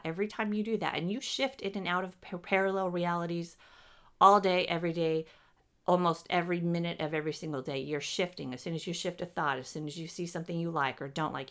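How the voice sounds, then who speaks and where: Low-voiced woman giving channeled teaching. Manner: measured, explanatory, speaks as "we".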